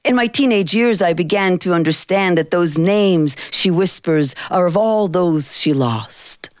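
A woman storyteller speaks in a low, rich voice. Her telling is intimate and rhythmic, full of feeling. The sound is dry and close. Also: measured pace, no room sound. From Israel. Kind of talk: spoken storytelling performance.

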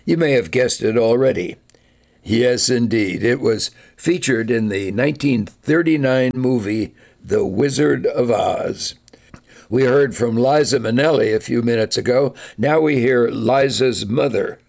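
A man hosting a music program, reading a formal, measured scripted introduction. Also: medium pitch, creaky, darkish tone. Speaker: radio music program host. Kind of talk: scripted narration.

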